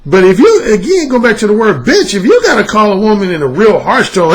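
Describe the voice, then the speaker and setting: A man's voice: sits high, very animated, a little fast, hardly any pauses. A man and dating coach delivering a casual vlog monologue, emphatic, profane and repetitive as he hammers his points home.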